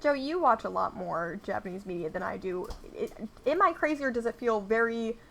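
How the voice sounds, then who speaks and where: A woman co-hosting a podcast, joking about a cartoon episode in a sardonic, quick, laughing way. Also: on the high side, animated, creaky, a bit bright. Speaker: podcast co-host. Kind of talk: casual episode recap chat.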